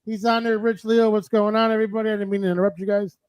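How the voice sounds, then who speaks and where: High-voiced man hosting a chatty show. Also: flat delivery, racing, a little mellow, smooth, no echo. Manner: chatty, breaks off to greet the chat room. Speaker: radio show host. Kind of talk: casual live-stream chat.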